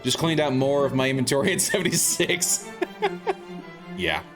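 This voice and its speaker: A man's voice: medium pitch, animated, a little slow, music in the background. A man streaming a video game, chatting casually with his viewers and rambling, with lots of fillers and restarts. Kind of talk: casual gaming commentary.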